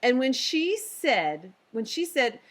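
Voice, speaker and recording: A woman co-hosting a casual podcast chat, talking in a chatty, animated way with lots of fillers. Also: sits high, takes it slowly. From San Diego, US. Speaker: podcast co-host.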